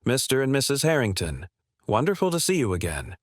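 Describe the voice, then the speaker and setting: A man's voice: medium pitch, wildly swooping pitch, a little fast, dry recording, clean studio sound. A male narrator reading the lines of a smug, condescending car sales manager who talks down to people.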